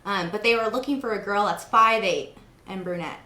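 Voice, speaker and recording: A woman's voice: medium pitch, brisk, pushed and bright, echoey room. A young woman hosting an interview, chatting casually and telling stories with lots of fillers. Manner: chatty storytelling with many fillers. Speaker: host.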